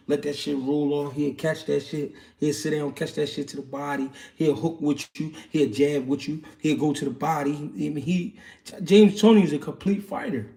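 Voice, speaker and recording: A man's voice: on the high side, creaky, a little mellow, distant mic. A man hosting a livestream, answering viewer questions in casual, slangy boxing chat with loose street talk and many fillers.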